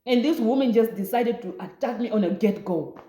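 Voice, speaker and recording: A woman's voice: on the high side, fairly quick. A young woman, telling a story in a casual vlog and animatedly acting out what people said. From Namibia. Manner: animated, acts out quoted voices. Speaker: vlogger. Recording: roomy echo.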